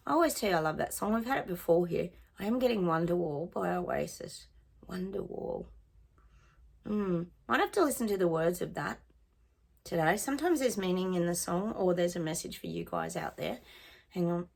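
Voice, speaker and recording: Lowish and creaky, this woman's voice has lively intonation and a normal speed. As a psychic in a casual reading monologue, she chats with her viewers, sings bits of songs, and trails off as she muses.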